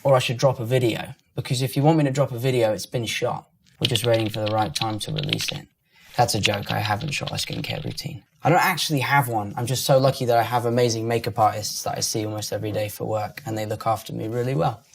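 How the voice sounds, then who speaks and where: Answering fans' online comments about himself, a Londoner with the local accent keeps things casual and jokey. His voice is fairly low and gravelly, he talks quickly, and there's noise in the background.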